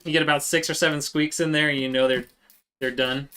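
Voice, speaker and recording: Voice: mid-range voice, steady tone, brisk, sharp tone, smooth. A live streamer chatting casually with viewers while working, answering chat as they go.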